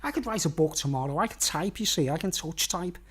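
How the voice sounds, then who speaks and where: A man's voice: fairly high pitch, animated, brisk, slightly rough. A middle-aged man, talking to camera in a meandering monologue that keeps circling back with "you know what I mean". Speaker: vlogger.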